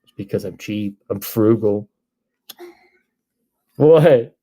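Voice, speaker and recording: A man, hosting a live card break stream, reading off names and breaking into excited shouts. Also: lowish voice, slow.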